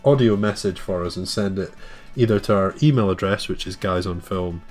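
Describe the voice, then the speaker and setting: Low-voiced man hosting a podcast. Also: brisk, faint music behind. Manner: relaxed, rambling with fillers. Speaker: podcast host. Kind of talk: casual podcast chat.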